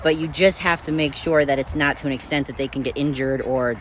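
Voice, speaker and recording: A woman's voice: very deep voice, steady tone, a little fast, rough recording. A woman chatting casually to the camera as a farm vlogger, full of fillers while she does her chores outdoors. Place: outdoors at a chicken coop. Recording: outdoor noise behind the voice.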